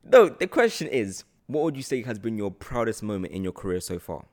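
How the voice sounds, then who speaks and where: A man's voice: lowish voice, sing-song, fairly quick, a little mellow. A man hosting a podcast interview, friendly and rambling, laughing often. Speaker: podcast host.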